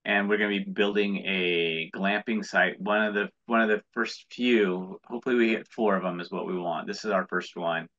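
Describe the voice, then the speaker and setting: A man's voice: sits low, fairly even intonation, moderate pace, few pauses, a bit bright. A man with an American accent, chatting as an interview guest in an earnest, rambling way with frequent restarts, on dull lo-fi audio. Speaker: guest, entrepreneur. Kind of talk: casual interview talk.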